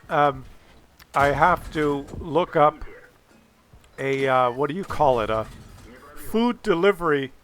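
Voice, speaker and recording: A man hosting a gaming channel tells a rambling, profane story as he plays. His voice is high and bright. He talks in a loose, chatty way. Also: a little hiss or hum. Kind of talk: casual storytelling over gameplay.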